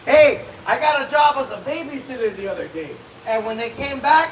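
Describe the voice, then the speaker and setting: A man doing a stand-up set, shouting crude dark one-liners at a comedy club open mic. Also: very high voice, animated, moderate pace, a little hiss or hum. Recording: echoey club, recorded from far off.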